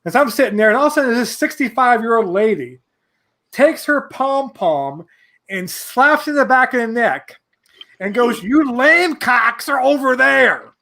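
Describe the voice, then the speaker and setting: A man in his forties from New York, a podcast guest telling a rambling, animated anecdote full of restarts. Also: extremely high pitch, moderate pace. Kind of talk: casual storytelling.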